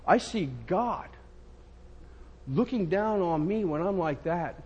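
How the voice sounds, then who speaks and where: A man's voice: sits high, expressive, slow, long pauses, darkish tone, dull audio, a little hiss or hum. A man preaching a sermon in an emphatic, repetitive way, speaking to himself as much as his listeners. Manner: emphatic, repetitive, self-including.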